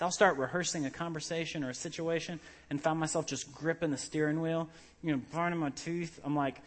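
Lively man preaching a sermon. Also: fairly high pitch. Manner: animated storytelling with laughs and acted-out voices. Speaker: pastor.

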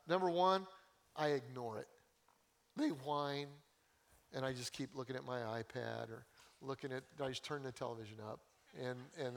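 A man's voice: a little high, a bit bright. An older man, a pastor, preaching a sermon in a folksy, humorous and passionate way.

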